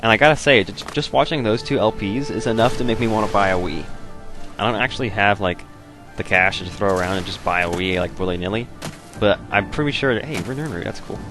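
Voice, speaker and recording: Young man, very deep voice, laid-back rambling game commentary, game music clearly behind. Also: fairly quick. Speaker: let's play host. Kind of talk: casual gameplay commentary.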